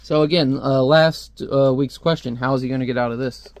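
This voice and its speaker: A man's voice: medium pitch, fairly even intonation, brisk, dry recording. A man casually reviewing a comic book, talking in a rambling, chatty way with lots of fillers.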